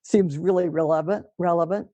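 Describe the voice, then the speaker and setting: Low-voiced, thoughtful woman guest. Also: steady tone, dark tone, no echo. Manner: slow, thoughtful, hesitant. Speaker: podcast guest, the co-host's mother. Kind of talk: casual chat.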